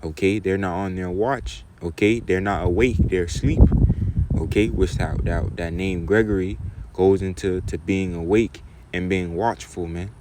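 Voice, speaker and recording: A man teaching from scripture, often ending phrases with "man" and "okay?", slowing down to read verses with emphasis. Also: low-pitched, steady tone, background noise. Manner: repeats "man" and "okay?" as tags, reads verses slowly and loudly. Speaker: preacher.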